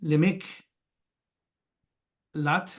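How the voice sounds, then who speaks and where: Very slow, hesitant male student. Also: fairly high pitch, fairly even intonation. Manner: hesitant, sounds out words syllable by syllable, clears throat often. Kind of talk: halting read-aloud practice. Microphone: video call.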